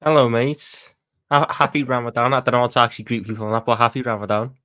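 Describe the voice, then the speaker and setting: A man with a Scouse accent, a guest pundit in a casual football debate, earnest and quick with stumbling restarts. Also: mid-range voice, bright, forceful tone, no echo, clean studio sound.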